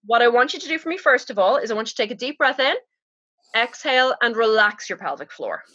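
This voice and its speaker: A woman calmly guiding someone through a pelvic floor exercise on a podcast, instructive and coaxing. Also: on the high side, fast, husky. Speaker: pelvic floor expert guest. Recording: slightly dull, lo-fi podcast audio.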